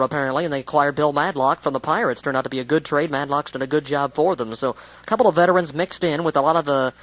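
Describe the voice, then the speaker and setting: A man's voice: fairly high pitch, fairly bright tone, no room sound, low-quality recording. A man giving a casual, rambling spoken recap of a baseball game, with many hesitations.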